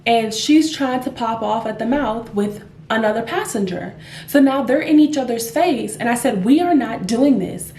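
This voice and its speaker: A woman flight attendant telling a casual storytime, animated and acting out the passengers. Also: on the high side, normal speed. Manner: animated, acts out the people in her story. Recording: echoey room with faint noise.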